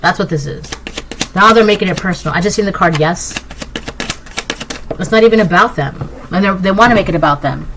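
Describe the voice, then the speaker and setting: A woman giving a casual collective tarot reading, rambling and excitable, often tagging her points with "right?". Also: fairly low pitch, a little fast, pauses often, background noise. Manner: keeps asking "right?". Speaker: tarot reader.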